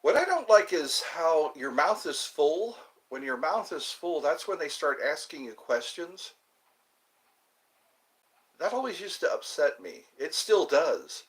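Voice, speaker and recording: A man's voice: fairly high pitch, a bit bright. A man streaming live, rambling and joking as he chats with his viewers. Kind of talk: casual live-stream chat.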